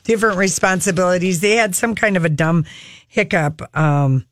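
A woman co-hosting a casual podcast, chatting and gossiping with a slow, drawn-out delivery. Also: on the low side, a little hiss or hum. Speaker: podcast co-host. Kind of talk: casual chat.

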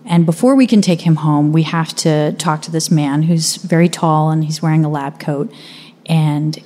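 Young american-raised woman telling a personal story on a talk stage, kinda low voice, chatty and vivid. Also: moderate pace, dark tone. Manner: conversational, vivid storytelling with playful asides. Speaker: speaker.

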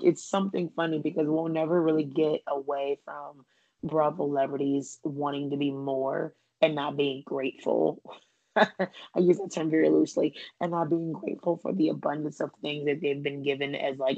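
A woman's voice: low-pitched, creaky, mellow, dry recording, dull audio. A woman hosting a podcast in casual, chatty conversation, laughing often. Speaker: podcast host.

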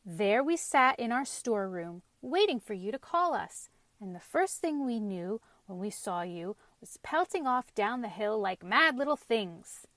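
A band of talking cabbages pants and scolds in a fairly high voice, as a woman reader puts them on. The sound is dry and close. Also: very animated, unhurried, fairly bright tone, dry recording. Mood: scolding. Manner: panting, scolding. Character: a chorus of huffing talking cabbages.

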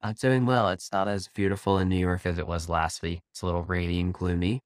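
Young Southern man, low voice, dry close sound, chatty podcast co-host. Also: little pitch movement, a little fast, clean tone, dry recording. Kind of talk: casual chat.

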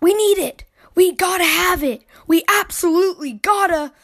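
A woman's voice: high voice, expressive, very fast, darkish tone. A woman voicing eager young bear cubs who burst in out of breath, gasping and pleading. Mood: excited.

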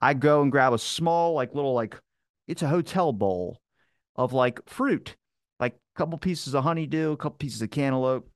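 A man hosting a podcast, telling a rambling story in a casual, animated way and swearing freely. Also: mid-range voice, normal speed, dry recording, studio quality. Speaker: podcast host. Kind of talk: casual chat.

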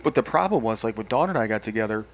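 A man co-hosting a podcast, talking candidly and reflectively, pausing and restarting as he speaks. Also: lowish voice, lively intonation. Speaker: podcast co-host. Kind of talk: casual podcast talk.

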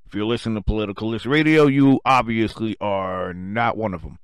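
A man hosting his own radio show, delivering an angry, sarcastic rant full of cursing, swinging between low muttering and loud outbursts. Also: fairly quick, clear, resonant tone, no room sound. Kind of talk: profane rant.

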